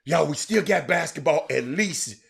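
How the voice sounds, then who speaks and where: A middle-aged man, hosting a casual live show and talking to his viewers. He is animated and teasing, repeats words, and breaks into shouts in bursts. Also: a little high, a little slow, gravelly. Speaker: show host.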